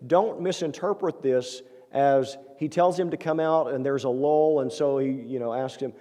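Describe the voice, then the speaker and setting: A man's voice: fairly high pitch, normal speed, hardly any pauses, dark tone. A male pastor preaching a sermon in a church, talking earnestly and conversationally and posing rhetorical questions to the congregation. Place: church sanctuary. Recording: long church-hall reverb.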